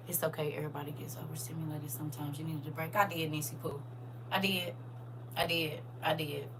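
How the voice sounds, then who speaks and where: Woman, livestream host, casual chat, lowish voice, bright forceful tone, reads viewer comments aloud, expressive. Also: slight background noise. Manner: chatty, addresses viewers as "y'all"; expressive, swings from hushed to loud.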